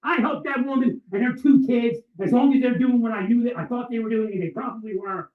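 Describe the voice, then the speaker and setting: Angry guy ranting and swearing, high voice, far off the mic in an echoey room. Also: a little fast, hardly any pauses. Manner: furious, profane, often shouting. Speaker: vlogger. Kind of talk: ranting monologue. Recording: echoey, distant, dull sound.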